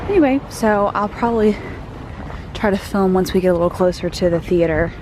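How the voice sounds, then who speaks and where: A woman's voice: medium pitch, a little fast, background noise. A young American woman chatting enthusiastically with many fillers as she films a travel vlog. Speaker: travel vlogger. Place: out of doors in a park and city.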